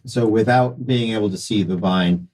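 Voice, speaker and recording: A man's voice: lowish voice, moderate pace, darkish tone, a little hiss or hum, low-quality recording. A man running a tabletop game as game master, narrating in an easygoing way with hesitant restarts.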